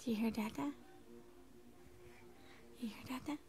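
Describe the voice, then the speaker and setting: A woman's voice: on the high side, unhurried, dark tone, husky. A young woman filming at home with a handheld camera, coaxing her baby in sing-song baby talk.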